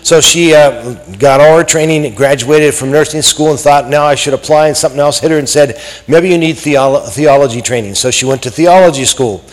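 A man preaching a sermon, telling a story with lively acted-out quotes and some fillers. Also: fairly high pitch, fairly quick, hardly any pauses, big-room sound, low-quality recording.

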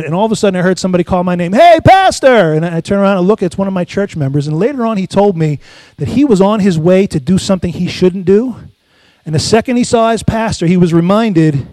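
High-voiced preacher man, dry close sound. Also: darkish tone, no room sound. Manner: call-and-response preaching, asks congregation for amens. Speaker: pastor. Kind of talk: sermon with personal stories.

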